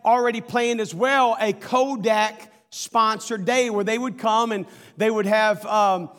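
A man preaching a sermon, telling a story with animated, folksy asides to the congregation. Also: sits high, measured pace, long reverb tail. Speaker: pastor.

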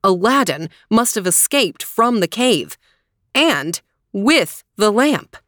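A woman narrating a fairy tale in a clear, expressive storybook reading. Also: medium pitch, takes it slowly, no echo, clean studio sound.

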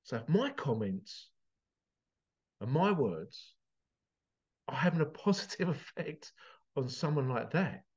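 A man's voice: medium pitch, sing-song, takes it slowly, pauses often, a little mellow, slightly rough, dull audio. A man giving an emotional motivational talk, passionate and swearing, his voice breaking as he gets teary. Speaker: motivational vlogger.

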